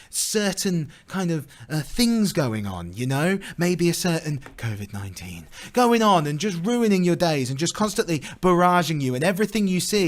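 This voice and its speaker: A young British man giving a lightning talk, chatty and self-deprecating, with lots of filler words. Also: fairly high pitch. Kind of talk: storytelling conference talk.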